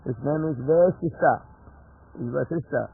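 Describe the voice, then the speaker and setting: A man with a gravelly, husky voice gives a devotional lecture and tells stories in a chatty way, chuckling at his own jokes. He is at an ordinary pitch for a man. The old lecture tape sounds thin and tinny, like a phone line. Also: moderate pace.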